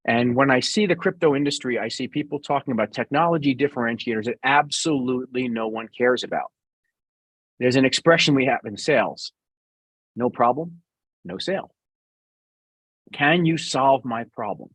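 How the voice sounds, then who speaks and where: A man's voice: medium pitch, brisk, a bit bright, husky, dry recording. A middle-aged man with a New York accent, answering interview questions bluntly and sarcastically as a business guest.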